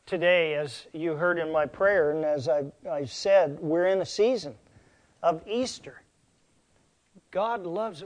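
A middle-aged man preaching a sermon as pastor, slow and emphatic, asking the congregation rhetorical questions. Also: high voice.

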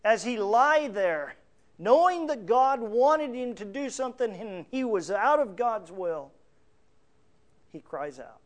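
A man preaching a sermon, reading scripture verse by verse and explaining it, swelling louder on emotional lines and dropping softly on quiet ones. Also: very high voice, expressive, slow pace. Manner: earnest, reads scripture aloud and explains it verse by verse. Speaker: pastor.

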